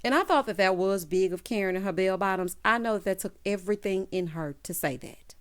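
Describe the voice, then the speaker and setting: A woman's voice: mid-range voice, fairly quick, few pauses, smooth. Sassy woman recapping a TV show. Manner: sassy, talks straight to viewers, acts out quotes. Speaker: TV recap host. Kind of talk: casual show recap and commentary.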